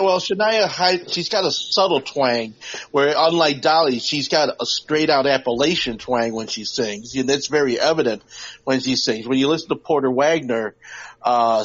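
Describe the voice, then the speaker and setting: A man's voice: medium pitch, a bit bright. Rambling man on a lo-fi stream. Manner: rambling, many restarts and fillers. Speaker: podcast co-host. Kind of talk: casual chat. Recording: lo-fi live audio-app stream.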